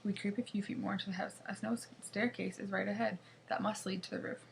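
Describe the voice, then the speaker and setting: Brief: woman narrating a children's book, chatty, gravelly edge, even middle pitch. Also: fast, a little hiss or hum. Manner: chatty, with small slips and restarts. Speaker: reader. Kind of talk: reading a children's chapter book aloud.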